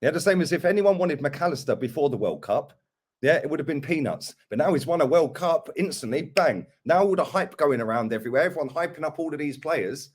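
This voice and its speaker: A young man rants about football in a casual fan chat. His pitch sits a little high for a man and swings widely as he mocks other fans. He sounds heated and animated throughout. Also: fairly quick.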